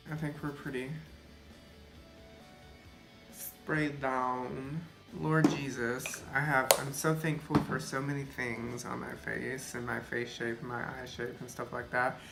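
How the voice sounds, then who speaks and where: A man's voice: medium pitch, little pitch movement, unhurried, vocal fry. A young man talking casually to the camera while doing his makeup, rambling and chatty, with lots of "like" fillers. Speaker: beauty vlogger. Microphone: camera mic, seated in front of the camera. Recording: echoey room with faint music.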